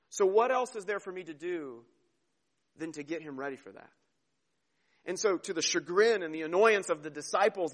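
A man preaching a sermon, earnest and heartfelt, dropping to a hush and then rising to emphasis, often repeating words as he goes. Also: high voice. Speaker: pastor.

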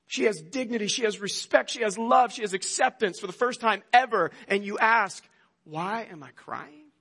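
Bright-voiced man preaching a sermon. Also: moderate pace, slightly rough. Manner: animated storytelling, acts out quotes with rising pitch. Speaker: pastor.

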